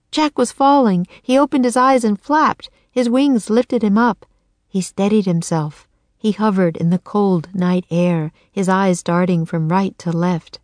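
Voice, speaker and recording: A woman narrating a children's chapter book in a clear, measured storytelling manner. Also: medium pitch, a little mellow, dry recording. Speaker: audiobook narrator. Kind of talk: children's audiobook reading.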